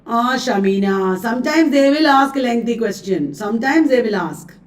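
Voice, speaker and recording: Chatty Indian woman, live literature coaching, high-ish voice, recorded from a bit back. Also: expressive, moderate pace, far from the mic. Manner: chatty, laughs often, mixes Hindi words. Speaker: literature teacher. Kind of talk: live online exam coaching.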